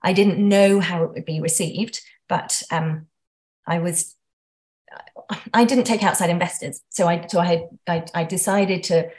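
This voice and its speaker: Woman guest, slightly low pitch, chatty, self-deprecating, lots of restarts. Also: fairly even intonation, a little slow, darkish tone. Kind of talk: casual interview.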